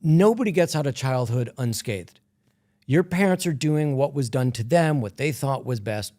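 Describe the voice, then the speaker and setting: A man speaking as a coach in a podcast interview, calm and explanatory. His voice sits in a middle register, and he often drops it softly as he makes his points. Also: medium pitch, moderate pace. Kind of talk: reflective coaching talk.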